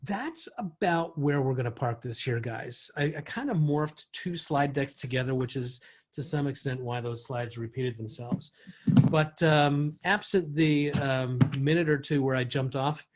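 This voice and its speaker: A man's voice: medium pitch, unhurried. A middle-aged man leading an online real estate training session, talking in a conversational way with frequent restarts.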